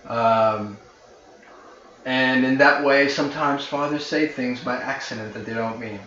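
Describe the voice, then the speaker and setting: A man's voice: mid-range voice, a little slow, pushed and bright. A man runs a tabletop game and narrates the scene in a loose, conversational way, with many ums and restarts. His voice sits in the middle range. The sound is roomy and slightly muffled, with faint noise behind it. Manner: conversational, filler-heavy narration. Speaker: game master. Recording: roomy, slightly dull recording.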